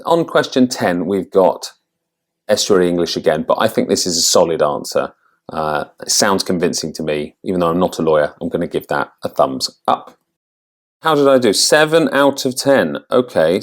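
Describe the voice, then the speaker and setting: A man with a deep, low voice talks through a quiz in a relaxed, casual way. He is an accent coach, and he thinks aloud, often stopping and starting over mid-sentence. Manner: thinking aloud, halting restarts.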